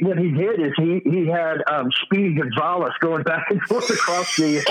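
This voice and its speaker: A man co-hosting a comedy podcast, telling absurd stories in a halting deadpan way. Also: on the high side. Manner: halting deadpan storytelling with many restarts. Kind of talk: improvised comedic banter. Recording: dull lo-fi audio with reverb.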